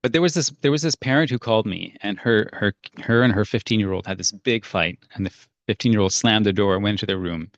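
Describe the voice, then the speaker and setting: A man's voice: fairly low pitch, fast, few pauses, no room sound, lo-fi sound. A man leading a parenting workshop, talking casually and telling stories, with fillers and restarts. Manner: conversational, storytelling, frequent fillers and restarts.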